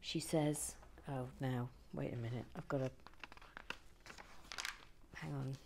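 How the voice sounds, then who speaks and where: A woman chatting casually to a live stream as she builds a kit, often dropping to a soft whisper and muttering to herself. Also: a bass voice, fairly even intonation, a little slow, creaky, background noise. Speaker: streamer building a brick kit and reading chat.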